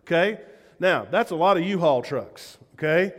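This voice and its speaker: A pastor with a Southern US accent preaches in a high, light voice, earnest and emphatic. He keeps turning to the congregation with direct questions. His words ring out with a long church-hall reverb. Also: animated, normal speed. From Southern United States. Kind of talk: conversational sermon.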